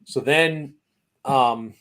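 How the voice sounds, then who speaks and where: Man, guest in a casual chat, animated storyteller who acts out quotes, middle pitch. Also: drawn-out words. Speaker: racing series guest.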